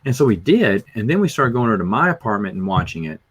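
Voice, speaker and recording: A man's voice: lowish voice, very animated, quick pace, slightly rough. A middle-aged man with a Southern US accent, chatting casually and rambling through stories on a livestream in a self-deprecating way. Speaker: livestream host. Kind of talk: casual rambling chat, reading comments.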